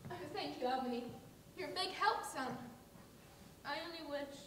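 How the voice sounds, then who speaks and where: Young woman playing a worried mother, soft, anxious, high lively voice, echoey hall, distant. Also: normal speed, slight background noise. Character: worried mother of a poor family. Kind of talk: school stage play.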